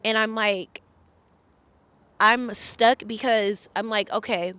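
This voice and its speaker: A woman's voice: a little high, fairly even intonation, takes it slowly, a bit bright, clear, resonant tone, dry recording. A woman from the Bay Area, a podcast guest, recounting a story in an emphatic, profane, heated way. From San Francisco Bay Area. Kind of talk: casual storytelling interview.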